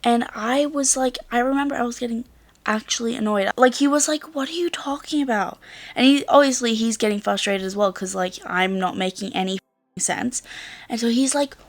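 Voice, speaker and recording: A woman's voice: on the high side, brisk. A young woman in her late teens chatting casually to camera as a vlogger, rambling through a story with lots of "like" and the odd swear. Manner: rambling storyteller, filler-heavy with frequent "like", swears.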